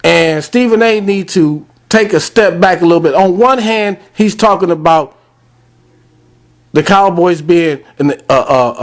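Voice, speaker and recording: A man hosting a sports talk podcast, ranting bluntly and calling out directly to fans. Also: high-pitched. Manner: fired-up, addresses fans directly; blunt, repetitive scolding. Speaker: podcast host.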